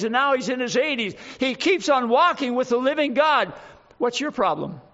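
A man's voice: very high-pitched, fairly bright tone. A man preaching a sermon, pressing his point with repeated rhetorical questions. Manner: emphatic, repetitive rhetorical questions. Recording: dull lo-fi recording.

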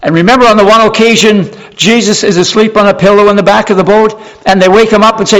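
A man preaching a sermon, emphatic, repeating key phrases slowly and dropping to hushed tones. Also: high voice, fairly even intonation, rough recording.

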